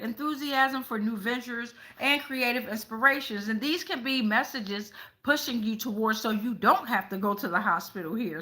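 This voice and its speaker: A woman's voice: a little high, sharp tone, low-quality recording. A woman hosting a casual tarot reading, chatty, often tagging her sentences with "okay?" and swearing now and then. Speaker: tarot reader.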